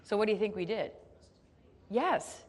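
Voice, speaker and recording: A woman from the United States giving a motivational keynote, telling a story in an animated, playful, self-deprecating way and speaking straight to her audience. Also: medium pitch, normal speed.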